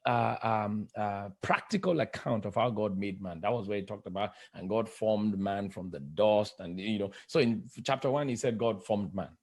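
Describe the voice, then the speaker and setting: Male guest, life coach and preacher; emphatic, repeats lines slowly; raspy, gravelly tone. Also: on the low side, lively intonation. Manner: emphatic, repeats key phrases slowly for effect. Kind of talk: podcast interview, preacherly storytelling.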